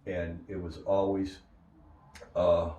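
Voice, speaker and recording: Older man, low mellow voice, roomy echo, animated storyteller. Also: slow pace, dull audio. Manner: animated storyteller who acts out quoted voices. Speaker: former minor league pitcher. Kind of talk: storytelling interview. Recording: echoey room, distant mic.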